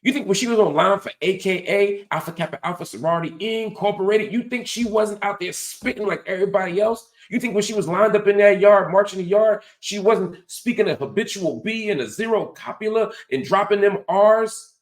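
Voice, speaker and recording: A man's voice: high-pitched, brisk, hardly any pauses, reverberant. A man hosting a show, giving an emphatic, lecturing political commentary monologue full of rhetorical questions and casual profanity. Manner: frequent "right?" tag questions; profanity-laced colloquial talk. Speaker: host.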